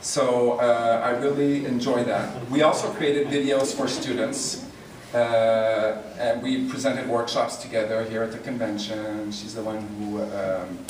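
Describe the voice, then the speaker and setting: A man's voice: mid-range voice, level tone, unhurried, few pauses, darkish tone, slight background noise. A man reading a friendly award tribute to a colleague. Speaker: award co-presenter. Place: large convention hall. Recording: echoey hall, distant mic.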